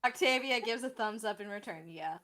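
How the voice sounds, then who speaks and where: A woman's voice: medium pitch, expressive, brisk, a bit bright. A woman player in a tabletop game, chatting casually with a giggly, playful manner.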